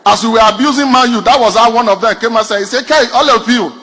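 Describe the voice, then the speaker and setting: A man's voice: very high voice, very fast, a bit bright. A Nigerian man performing a stand-up comedy routine. He tells punchy stories straight to the audience. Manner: addresses the audience directly, punchy storytelling.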